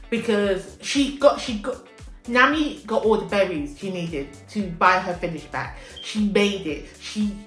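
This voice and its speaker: A woman casually recapping an anime arc for her vlog, animated and emotional, often checking in with "okay?". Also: on the high side. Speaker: anime vlogger. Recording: echoey room with faint music.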